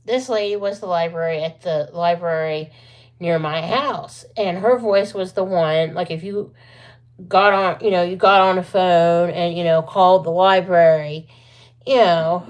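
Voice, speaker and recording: A woman's voice: on the low side, unhurried. A woman vlogger telling a long story in a rambling, chatty way, full of asides and self-corrections. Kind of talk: casual storytelling to camera.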